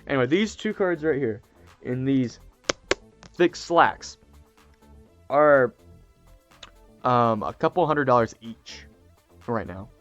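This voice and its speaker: Male host, mid pitch, chatty and excitable, rambling storyteller; faint music underneath. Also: slow, pauses often, muffled recording. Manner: excitable, rambling, many fillers and restarts. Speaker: channel host. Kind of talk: casual storytelling to camera.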